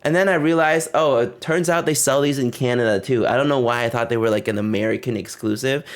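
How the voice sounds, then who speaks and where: A man's voice: mid-range voice, quick pace. A young man streaming live, chatting casually and rambling with lots of fillers and frequent giggles. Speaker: livestreamer. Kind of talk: casual livestream chat.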